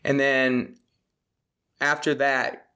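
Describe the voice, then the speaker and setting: A man's voice: medium pitch, flat delivery, extremely slow, bright, forceful tone, clear, resonant tone. Upbeat enthusiastic male podcast host. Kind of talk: casual interview.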